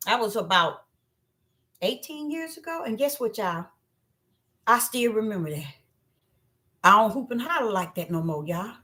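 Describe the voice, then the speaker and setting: A woman preaching an animated sermon, who acts out voices and swings between low murmurs and loud cries. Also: normal speed, pauses often. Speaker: self-styled prophetess. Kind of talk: preaching monologue.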